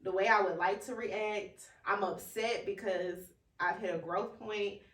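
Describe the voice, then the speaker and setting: A woman's voice: mid-range voice, steady tone, measured pace, a bit bright. A woman co-hosting a podcast in casual, emphatic, slangy chat. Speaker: podcast co-host. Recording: roomy, distant from mic.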